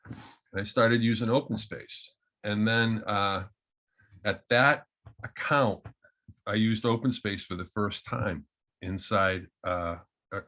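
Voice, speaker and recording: A man's voice: lowish voice, a bit bright, lo-fi sound. A man presenting as an agile coach, telling a story in a hesitant way with many ums and restarts. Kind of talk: storytelling talk at an online meetup.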